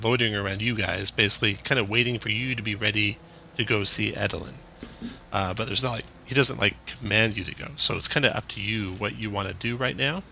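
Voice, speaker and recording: A man narrating as game master, calmly describing the scene and prompting players. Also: medium pitch. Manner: relaxed, measured narration.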